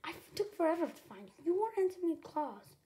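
A woman's voice: very high voice, very animated, quick pace, mellow, pitched above the performer's own voice. Woman doing a huffy bossy mouse lady. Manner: huffy, complaining. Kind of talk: reading a storybook aloud.

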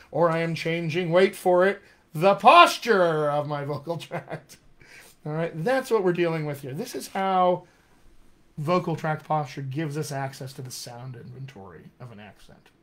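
A man with a General American accent, teaching accents in a live-streamed lesson with an energetic, emphatic manner. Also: fairly high pitch, moderate pace. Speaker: dialect coach. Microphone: webcam or phone mic.

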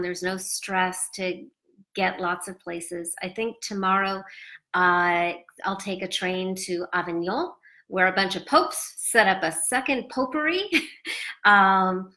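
Tired, chatty woman with a bright voice. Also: mid-range voice, measured pace. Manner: chatty, rambling, with many fillers. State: tired and sleepy. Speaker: travel vlogger. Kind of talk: casual travel vlog.

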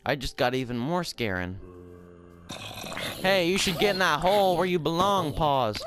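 A man's voice: on the high side, animated, normal speed, pauses often, music in the background. A swearing, emotional gameplay commentator man. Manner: emotional, swearing, yelling in frustration then soothing his pet.

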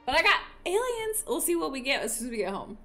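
A woman's voice: high voice, very animated, fast, bright, forceful tone, faint music behind. A woman giving casual let's-play commentary, chatty and playful, joking at her own expense while she talks to her viewers. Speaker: game streamer.

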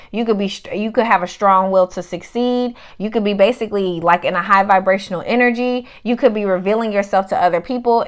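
A woman's voice: mid-range voice, a bit bright, clear, resonant tone. A woman giving a casual tarot reading, blunt and profane with lots of slang. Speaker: tarot reader.

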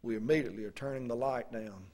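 A man preaching a sermon in a folksy way, asking the congregation questions and reading scripture slowly and emphatically. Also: mid-range voice, warm tone.

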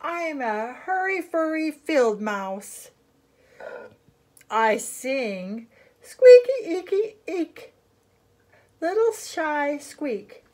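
A woman voicing a shy little field mouse in a sung children's storybook, squeaking high. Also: sing-song, extremely slow, long pauses, a little mellow, exaggerated voice. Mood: timid.

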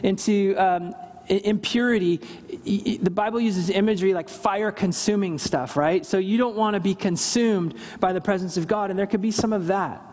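A man's voice: sits high, moderate pace, a little mellow, in a large hall. A man preaching a sermon as pastor, earnest, acting out scripture quotes with emphasis. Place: church service.

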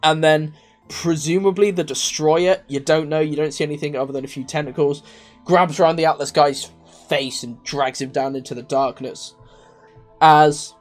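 Exasperated young man ranting a film review. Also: fairly high pitch. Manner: exasperated, swearing, rhetorical outbursts. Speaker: video game channel host.

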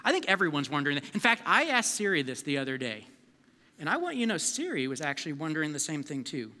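A man preaching a live sermon as a youth pastor, energetic and conversational, calling on the crowd to answer back. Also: fairly high pitch, quick pace. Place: church service hall. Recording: long reverb of a large hall.

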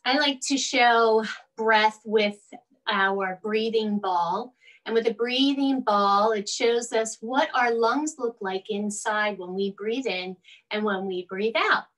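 Woman yoga teacher, high voice, very slow soothing bedtime cues, distant from the mic. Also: a bit bright. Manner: soothing, slow and coaxing, with playful animal sounds. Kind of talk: gentle bedtime yoga instruction.

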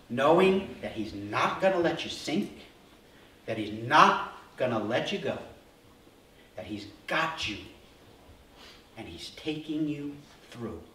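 Male pastor, middle-aged, sermon, animated storyteller, distant mic, faint room hum. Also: medium pitch. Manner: animated storytelling, acting out disciples' voices. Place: church sanctuary. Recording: roomy hall from a distance.

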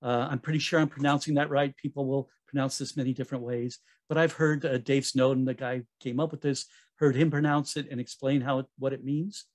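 A man giving a conference talk in a relaxed, conversational way, with fillers and self-corrections. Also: medium pitch, fairly quick. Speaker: conference speaker.

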